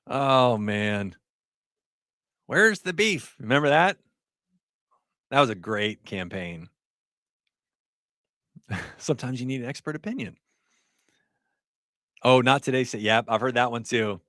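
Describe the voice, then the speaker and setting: A man's voice: mid-range voice, slow pace, long pauses, fairly bright tone, no echo, clean studio sound. A middle-aged man, an ER nurse, hosting a casual livestream, reading chat aloud and laughing often.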